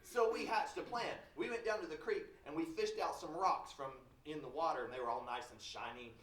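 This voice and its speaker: A man's voice: a little high, brisk, fairly bright tone, a little hiss or hum. A man from Kentucky, telling a story live in a folksy, wry way, heard in a large hall from a distance. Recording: roomy hall from far off.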